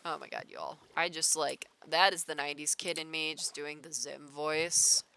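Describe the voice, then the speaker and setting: A woman's voice: sits low, expressive, normal speed, creaky, noisy background. A young woman streaming a building game, chatting, reading chat messages aloud and talking to herself as she plays. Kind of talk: casual gameplay commentary.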